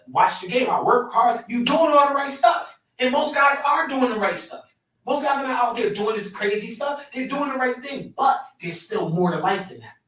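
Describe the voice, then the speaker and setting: A man's voice: high-pitched, a bit bright, distant mic. Emphatic man in an echoey room. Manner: emphatic, repeats key phrases. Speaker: podcast host, men's coach. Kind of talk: conversational coaching talk. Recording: very echoey room, voice away from mic.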